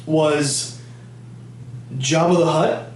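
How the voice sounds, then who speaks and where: Profane comedian telling stories in an echoey room. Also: male voice, fairly high pitch, steady tone, very slow. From United States, Connecticut. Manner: loose, profane, rambling with restarts. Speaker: podcast host, comedian. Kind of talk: casual comedic storytelling. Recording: roomy, distant camera-mic audio.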